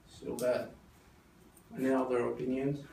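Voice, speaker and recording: A man's voice: mid-range voice, little pitch movement, measured pace, gravelly, heavy background noise. A man teaching a short lesson to a class, explaining things in plain words. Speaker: student teacher. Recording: echoey classroom, heard from far off.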